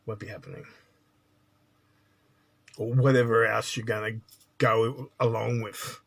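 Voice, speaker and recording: A man's voice: on the low side, level tone, unhurried, vocal fry. A man giving a spiritual monologue as a teacher, blunt and lecturing, often checking in with "right?".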